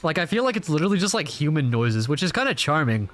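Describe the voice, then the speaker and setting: A man casually reacting to a comic he is reading aloud, rambling and animated, with many fillers. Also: on the high side, quick pace, soft background music. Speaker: reaction channel host.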